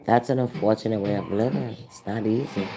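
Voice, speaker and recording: A woman's voice: extremely low pitch, fairly quick, a crowd in the background. A woman in her forties chatting casually for her vlog, exclamatory and rambling, with lots of asides. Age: 40s. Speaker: vlogger. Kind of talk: casual reaction chat. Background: music playing.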